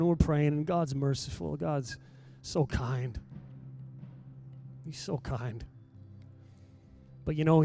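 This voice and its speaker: Pastor, male, high mellow voice, sermon delivery building to loud exhortation; dry pickup, faint music under. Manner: preaching, rising to loud exhortation when reading scripture. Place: church sanctuary.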